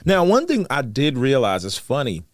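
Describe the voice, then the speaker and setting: Man in his forties, podcast host, very lively pitch, dry studio sound, chatty and rambling. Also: normal speed, no echo. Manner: lively, rambling, laughs often. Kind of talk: casual chat. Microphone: studio mic.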